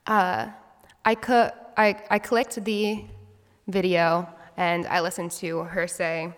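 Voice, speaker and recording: A woman's voice: on the low side, little pitch movement, takes it slowly. A woman in her twenties telling a personal story as a speech, in an earnest, reflective way. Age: 20s. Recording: long hall reverb.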